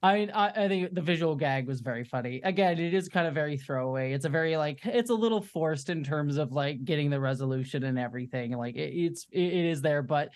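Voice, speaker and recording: A woman's voice: low voice, fast talker, hardly any pauses, darkish tone. A woman guest on a podcast, chatting casually and gushing enthusiastically about an episode. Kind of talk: casual chat.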